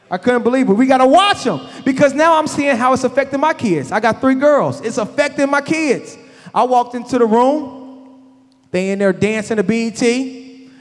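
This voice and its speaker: A man in his thirties doing stand-up comedy, telling stories in an animated, conversational way. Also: very high-pitched, moderate pace. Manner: animated, conversational, loose Southern-inflected slang. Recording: echoey hall.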